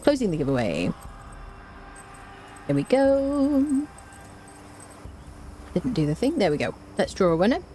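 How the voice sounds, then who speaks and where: A woman's voice: medium pitch, wildly swooping pitch, measured pace, pauses often, dark tone, slight background noise. A young woman, chatting playfully and laughing often as she live-streams a game. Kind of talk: casual live-stream chat while gaming.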